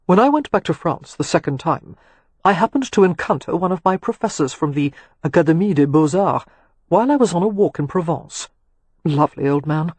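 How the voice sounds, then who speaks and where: An audiobook reader voicing a charming, self-assured young nobleman with wry, teasing talk, husky in tone. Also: mid-range voice, lively intonation, brisk, a little mellow, dry recording. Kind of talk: audiobook character reading.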